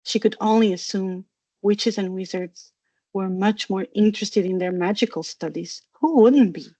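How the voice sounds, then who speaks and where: A woman narrating a storybook reading, even and unhurried. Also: mid-range voice, no echo. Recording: dull, dry narration recording.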